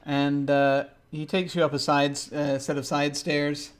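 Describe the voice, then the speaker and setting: A man running a tabletop game as game master, narrating with lots of pauses and fillers. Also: fairly high pitch, level tone, smooth. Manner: hesitant, many fillers.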